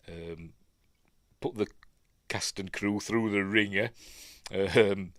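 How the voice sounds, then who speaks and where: A man's voice: lowish voice, dry recording, studio quality. A man with a Yorkshire accent talks through a film in a casual, rambling way, full of ums and asides. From Yorkshire, England. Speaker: film reviewer.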